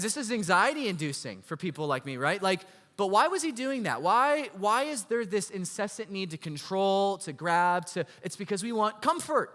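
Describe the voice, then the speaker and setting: A man pastor preaching a sermon in an animated, storytelling way, often asking the congregation rhetorical questions. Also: sits high. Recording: long hall reverb.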